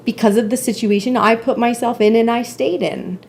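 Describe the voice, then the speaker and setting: A woman's voice: a little high, fairly quick, vocal fry. Woman in her forties, podcast guest, open and emotional, casual storytelling. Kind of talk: casual heartfelt conversation.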